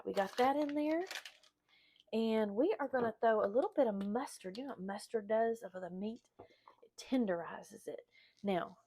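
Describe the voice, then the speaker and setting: A woman talks viewers through a recipe in her home kitchen. Her delivery is chatty and folksy, and she keeps calling out to her audience. Her voice sits at a middle pitch, with a faint background noise. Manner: chatty and folksy, often addressing viewers as y'all. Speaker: home cooking vlogger. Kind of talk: casual cooking demonstration.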